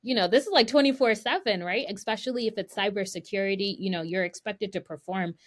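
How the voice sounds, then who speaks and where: A woman's voice: medium pitch, fast. A young woman, a guest tech sourcer, chatting casually on a podcast and acting out the people in her stories. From United States, of Haitian parents. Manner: animated storyteller, acts out quoted dialogue.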